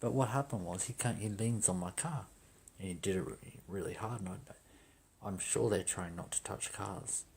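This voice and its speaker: A low-voiced young man tells a story in a swaggering, foul-mouthed rant. His voice has a rough, gravelly edge, and there is a faint hiss behind him. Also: normal speed. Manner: profane, swaggering, animated. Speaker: livestreamer. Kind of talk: ranting casual storytelling.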